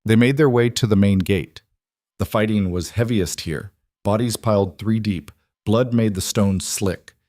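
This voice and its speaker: Low-voiced man narrating dramatically. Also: a little mellow, dry recording, studio quality. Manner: measured, clipped dramatic phrasing. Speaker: audiobook narrator.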